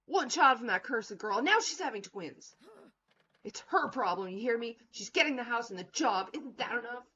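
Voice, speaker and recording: A woman's voice: fairly high pitch, very animated, normal speed, a little hiss or hum. A woman voicing a furious wife who argues in a raised, indignant voice, on a slightly dull recording. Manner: raised, indignant, near shouting. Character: furious, defensive wife arguing with her husband.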